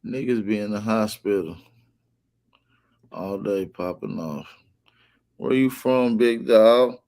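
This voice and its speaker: A man's voice: on the low side, takes it slowly, a little mellow. A man hosting a casual livestream, talking in slang, greeting chat viewers and plugging merch over and over. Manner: plugs merch with repeated calls to shop. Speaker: livestream host.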